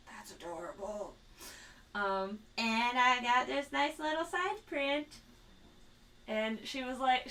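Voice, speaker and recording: A woman's voice: on the high side, fairly bright tone. Bubbly young woman chatting on a podcast. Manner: bubbly, rambling, many fillers and giggles. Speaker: podcast co-host. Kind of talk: casual podcast chat. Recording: distant mic with faint background noise.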